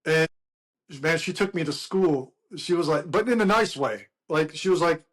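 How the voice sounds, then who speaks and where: High-pitched rambling middle-aged man. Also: normal speed. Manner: rambling, laughing, quotes others in animated voices. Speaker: guest. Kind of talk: casual storytelling chat.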